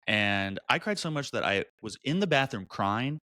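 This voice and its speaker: A man speaking as an interview guest, candid and animated, often jumping high in pitch when he acts out what he or others said. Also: moderate pace, no echo. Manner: animated, expressive, jumps into high pitch for quoted voices. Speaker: guest, mental health advocate.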